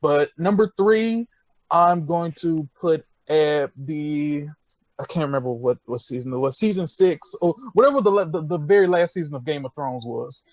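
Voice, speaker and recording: A man's voice: a little high, moderate pace, no room sound, dull audio. A man co-hosting a casual roundtable chat, talking frankly and rambling with lots of fillers and swearing. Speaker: podcast co-host.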